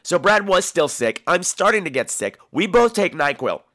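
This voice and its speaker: Male podcast host, campy and profane, lively swooping pitch, slightly high voice, dry close sound. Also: normal speed, no room sound. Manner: animated, profane storytelling; campy, theatrical delivery. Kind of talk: casual monologue.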